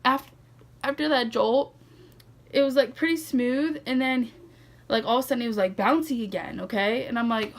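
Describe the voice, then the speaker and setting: A young woman vlogging a casual storytime, her slightly high voice carrying a gravelly, fry-laden texture. She rambles along with constant fillers and quick laughs, and she sounds drowsy, yawning between stories. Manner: rambling, heavy use of "like" and "legit", frequent laughs. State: sleepy, yawning.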